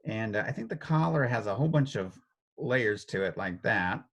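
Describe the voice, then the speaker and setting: A man's voice: fairly low pitch, lively intonation, normal speed, vocal fry, a bit bright, highs cut off. A man teaching a casual step-by-step drawing lesson, talking playfully as he sketches and chuckling often.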